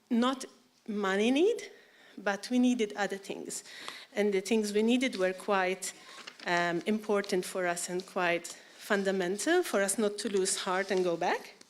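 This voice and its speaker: A woman from Malta, giving a personal testimony in church, telling her story in a lively way and acting out the voices she quotes. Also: medium pitch.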